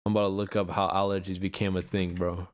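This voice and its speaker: A man's voice: sits low, flat delivery, quick pace. A young man hosting a casual podcast, talking in a loose, rambling way full of fillers and swearing. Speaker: podcast host.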